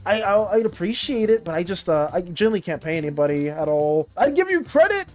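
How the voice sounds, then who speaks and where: A streamer talks casually to chat while working on art, reading messages aloud and trailing off into fillers and restarts. The pitch jumps around a lot, animated and bouncy. Quiet music plays faintly behind the voice. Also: fast. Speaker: streamer and artist. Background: faint background music.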